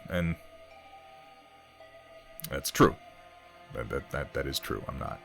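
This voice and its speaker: A man's voice: very deep voice, wildly swooping pitch, a little slow, vocal fry, pauses often, a bit bright, soft background music. A man chatting casually on a live stream while painting miniatures, rambling, reading viewers' messages aloud and swearing offhandedly.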